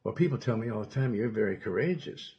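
A man preaching a sermon as pastor, quoting scripture in old-fashioned wording, with sudden loud emphatic bursts. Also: lowish voice, animated, fast talker, highs cut off.

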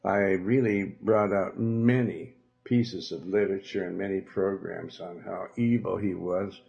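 A man with a Southern drawl spins a rambling tale from the pulpit of his own program. His voice sits deep and gravelly. He preaches and denounces between fillers and side remarks, heard on a muffled, lo-fi recording. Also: fairly even intonation, measured pace, a little mellow. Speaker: church leader hosting a religious program. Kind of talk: rambling storytelling monologue.

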